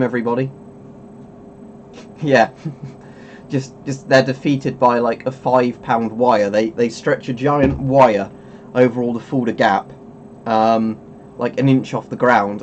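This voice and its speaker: A man's voice: medium pitch, a little mellow, highs cut off, a little hiss or hum. A man hosting a casual webcam stream, rambling and chuckling as he keeps interrupting himself. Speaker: streamer host.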